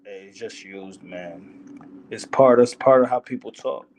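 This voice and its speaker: A man's voice: medium pitch, unhurried, a little hiss or hum. Heated, emphatic young man. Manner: heated, emphatic, profane, repeats himself. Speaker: boxer. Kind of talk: casual interview talk.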